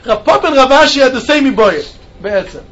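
A man giving an animated Talmud class lecture, mixing Hebrew and Yiddish terms into his English. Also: very high-pitched, fast. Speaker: Talmud teacher. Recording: dull lo-fi recording with faint noise.

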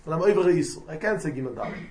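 Racing along in a slightly high, animated, somewhat mellow voice, a male rabbi lays out halacha in a Torah lesson. He works through each point in turn, sprinkling his English with Hebrew and Yiddish words.

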